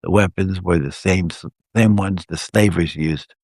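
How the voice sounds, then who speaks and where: A man reading his own first-person adventure story aloud on a live stream, telling it in a steady way. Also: deep voice, normal speed, vocal fry, husky, dry recording, studio quality.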